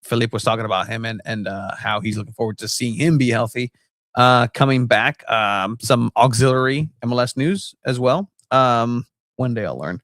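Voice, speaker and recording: A man's voice: mid-range voice, normal speed, a bit bright, no echo, studio quality. A man co-hosting a casual sports podcast, loose and joking, with plenty of ums and uhs. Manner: joking, loose, filler-heavy. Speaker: podcast co-host.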